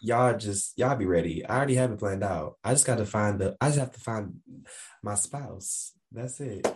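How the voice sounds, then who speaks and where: A man co-hosting a casual podcast, playful and quick to laugh. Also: lowish voice, noisy background. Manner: animated, playful, laughing often. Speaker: podcast co-host.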